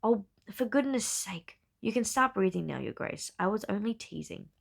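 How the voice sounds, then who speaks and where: A woman's voice: mid-range voice, animated, moderate pace, vocal fry. A woman reading the lines of a witty, teasing young society lady in a novel narration, only slightly lifting her own voice. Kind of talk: audiobook-style novel reading.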